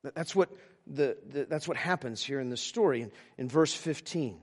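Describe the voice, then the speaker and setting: A male pastor preaching a sermon, halting with many restarts, moving between emphatic lines and hushed ones. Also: medium pitch.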